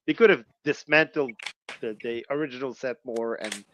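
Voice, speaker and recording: A man's voice: mid-range voice, normal speed, a bit bright, dull audio, slight background noise. A man from Canada co-hosting a casual chat, hesitant and stammering with repeated words. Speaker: co-host.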